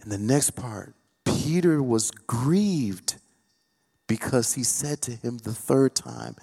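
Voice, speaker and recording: A man's voice: mid-range voice, slow, creaky, mellow, slightly rough, in a large hall. A man preaching a sermon, retelling a Bible story and acting out the characters' words with rising and falling intensity. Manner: retells scripture with dramatic quoted voices, rising and falling intensity.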